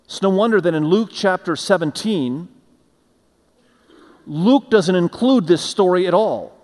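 Guy pastor preaching, kinda high voice, earnest, goes quiet and low on the big points, long echo from the hall. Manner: earnest preaching, often dropping soft and low for emphasis. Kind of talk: sermon. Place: church sanctuary. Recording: long reverb of a large hall.

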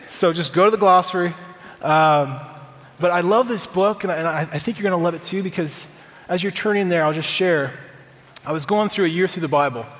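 Upbeat pastor guy preaching, kinda higher voice, long church reverb. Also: a bit bright. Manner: upbeat, conversational, tells personal stories. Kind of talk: sermon. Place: church sanctuary.

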